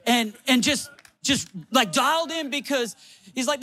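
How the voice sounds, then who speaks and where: A man preaching a sermon on a church stage, animated and laughing often, acting out little quotes from people. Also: very high-pitched, normal speed, no echo. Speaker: pastor.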